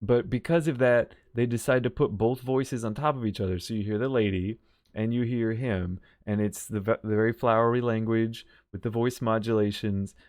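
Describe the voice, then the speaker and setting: A man's voice: lowish voice, fairly even intonation, a little mellow, no room sound, clean studio sound. Rambling man recapping a game story. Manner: rambling, quick, with many restarts and self-corrections. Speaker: streamer. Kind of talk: casual game story commentary.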